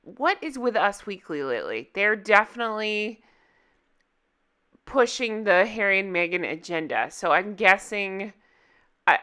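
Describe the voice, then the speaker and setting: Bright-voiced sarcastic woman vlogger. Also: mid-range voice. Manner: sarcastic, exasperated, speculating aloud. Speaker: royal commentary vlogger. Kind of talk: casual reaction commentary.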